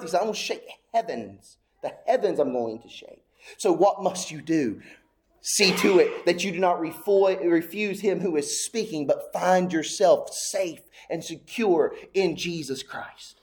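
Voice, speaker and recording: High-voiced man preaching with fervor. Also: unhurried. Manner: emphatic, repeating phrases, swinging widely in pitch and loudness. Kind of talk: sermon.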